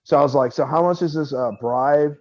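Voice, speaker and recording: A man's voice: on the high side, a little fast. A man with a slightly raised voice tells a story on a podcast in loose, casual chat, swearing freely and laughing as he acts out what others said. The audio sounds dull and lo-fi. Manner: profane, laughing, quotes people in his anecdote. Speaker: podcast co-host.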